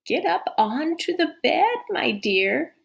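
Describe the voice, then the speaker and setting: A woman reading a storybook aloud, voicing a wolf who fakes a sick grandmother's hoarse, cooing voice. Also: high-pitched, big pitch swings, slow pace, voice pushed up, full character voice.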